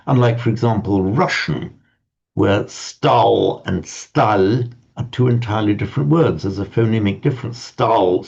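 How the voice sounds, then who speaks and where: A man's voice: on the low side, creaky, mellow, slightly rough. A man teaching a language class, lecturing in a digressive way with frequent stammered restarts and wry asides. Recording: dull lo-fi recording.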